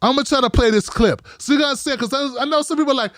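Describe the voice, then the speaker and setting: A man's voice: extremely high pitch, very fast, few pauses, a bit bright, dry recording, clean studio sound. A man hosting a live show, ranting heatedly and swearing constantly. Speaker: host. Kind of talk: ranting live-stream commentary.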